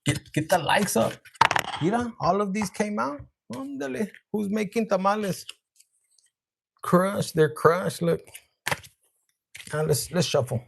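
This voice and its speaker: A man with a fairly high, gravelly voice hosts a casual live-stream tarot reading. He jokes crudely and chats straight to his viewers, tossing in Spanish words as he goes. A faint hiss of noise sits under his voice. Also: expressive, a little slow, long pauses. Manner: crude, joking, chatty, sprinkles Spanish words; talks to live chat viewers.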